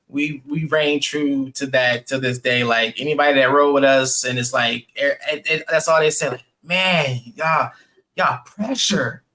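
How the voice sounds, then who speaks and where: A young man, a podcast guest, telling animated casual stories full of "like" and "man" and acting out the voices of others. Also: mid-range voice. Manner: animated, acts out quoted voices, laughs often; heavy use of "like" and "man". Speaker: podcast guest, jiu-jitsu purple belt. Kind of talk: casual storytelling.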